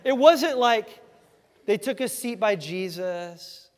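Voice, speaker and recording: A man preaching a sermon in a lively, conversational way, acting out the voices in the story with sudden shouts. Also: high voice, slow. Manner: animated, conversational, acts out quoted voices with shouts. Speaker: pastor. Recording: hall reverb.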